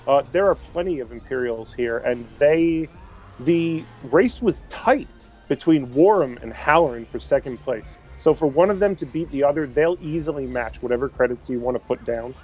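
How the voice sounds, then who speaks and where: A man narrating a tabletop role-playing game as game master, in a relaxed, rambling way full of fillers. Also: medium pitch, normal speed, soft background music, poor audio. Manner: relaxed, filler-heavy storytelling.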